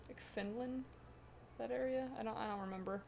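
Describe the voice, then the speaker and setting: A woman's voice: a little high, fairly quick, gravelly, darkish tone, slight background noise. A woman from Pennsylvania with a mixed Pennsylvania and Southern US accent, chatting casually and rambling on a drawing live stream, giggling often. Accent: mix of Pennsylvania and US Southern. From Pennsylvania, USA. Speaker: artist streamer.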